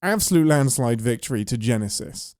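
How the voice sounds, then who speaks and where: Enthusiastic man with a mellow voice. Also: mid-range voice, expressive, dry recording, clean studio sound. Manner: enthusiastic, quick laughs. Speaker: podcast co-host. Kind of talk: casual chat.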